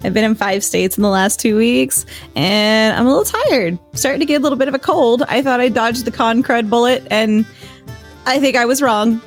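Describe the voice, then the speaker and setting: A woman with a fairly high voice chats on a casual podcast. She sounds stuffed up and tired, but keeps joking at her own expense. Faint music sits underneath. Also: normal speed. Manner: chatty, self-deprecating, joking.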